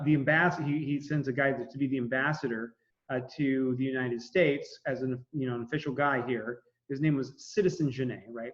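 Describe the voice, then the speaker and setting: A male history teacher lecturing in a loose, joking way, stumbling through fillers and breaking into quick voiced quotes. His voice sits a bit high for a man. The recording is dull and lo-fi. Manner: chatty, jokey, lots of fillers and acted-out quotes. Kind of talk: casual classroom lecture.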